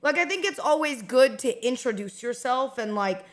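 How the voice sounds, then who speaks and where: A woman's voice: high voice, animated, moderate pace. A woman streamer in casual chat, rambling and chatty with lots of fillers and restarts.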